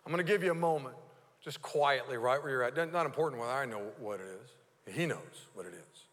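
A man's voice: medium pitch, expressive, fairly quick, fairly bright tone. A male pastor preaching a live sermon, earnest and often restarting his words. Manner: earnest, with repeated stammered restarts. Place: church sanctuary. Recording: reverberant church hall.

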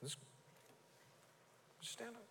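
A male pastor preaches a live sermon in a church sanctuary, speaking slowly with a bright, forceful tone. He is earnest and repeatedly stammers and restarts his words, heard in a reverberant church hall.

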